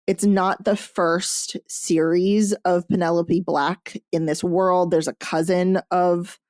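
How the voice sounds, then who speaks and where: Woman podcast host, casual chat, animated, dry close sound. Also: lowish voice, slow pace, dry recording. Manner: animated, swearing, acting out quotes. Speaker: podcast host reviewing romance books.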